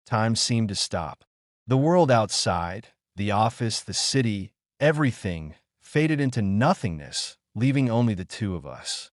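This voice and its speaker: A man reading a first-person story in a smooth, even, unhurried way. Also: fairly low pitch, no echo, studio quality.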